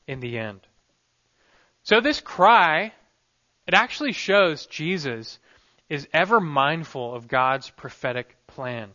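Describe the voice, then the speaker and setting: A man's voice: mid-range voice, sharp tone, highs cut off. A man preaching a sermon as pastor, earnest and emphatic, his delivery rising and falling.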